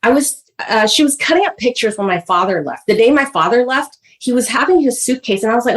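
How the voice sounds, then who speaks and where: A woman guest on a podcast, telling her life story in an animated, chatty way full of "like" and "you know". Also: fairly high pitch, a little fast, hardly any pauses. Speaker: guest author. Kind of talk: personal storytelling in a podcast interview.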